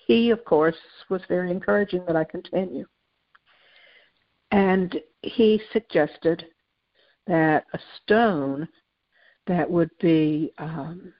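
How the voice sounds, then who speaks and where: Lower-voiced woman hosting a spiritual talk. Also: dry recording, muffled recording. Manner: conversational, with frequent fillers and restarts. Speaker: host. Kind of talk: casual spiritual talk show monologue.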